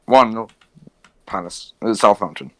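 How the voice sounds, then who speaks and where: A man's voice: fairly low pitch, measured pace, fairly bright tone, dry recording. A young British man co-hosting a football podcast, teasing his friend with dry sarcasm. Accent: British English. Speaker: podcast co-host. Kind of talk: casual chat.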